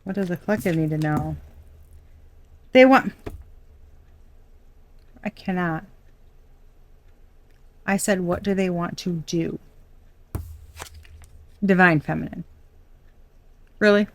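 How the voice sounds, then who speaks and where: A woman's voice: on the low side, animated, slow, pauses often. A young adult woman doing a casual tarot reading, chatty and blunt, swearing and laughing often. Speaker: tarot reader.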